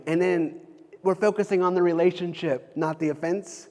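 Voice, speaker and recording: Casual pastor with a higher voice in a reverberant hall. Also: male voice, steady tone, normal speed, darkish tone. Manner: conversational, with frequent restarts and repeated phrases. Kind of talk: sermon. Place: church sanctuary.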